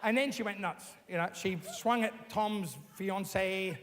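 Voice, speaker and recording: A man telling blunt, animated stories about his childhood, swearing freely. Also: high voice, measured pace, a little hiss or hum. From Australia. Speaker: interviewee. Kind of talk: casual storytelling.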